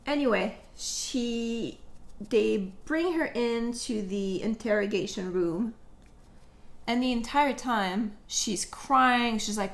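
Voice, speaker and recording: Gravelly-voiced woman chatting casually. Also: mid-range voice, takes it slowly. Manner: chatty, joking, animated retelling. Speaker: beauty vlogger. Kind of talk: casual makeup chat and storytelling. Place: at home, living room.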